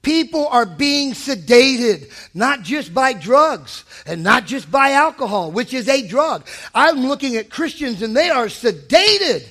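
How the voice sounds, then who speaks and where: A male pastor preaching at a weeknight church service, with a very high voice. His tone is bright and forceful, and he keeps his delivery emphatic, pushing up to shouts to drive his points home. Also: very animated, a little slow, few pauses. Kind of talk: sermon.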